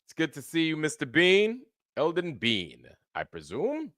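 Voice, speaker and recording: A livestream host with a fairly high, sing-song voice, a bit bright, speaks at a moderate pace in a dry studio recording. Loose and slangy, he greets viewers by name one after another in a running roll call.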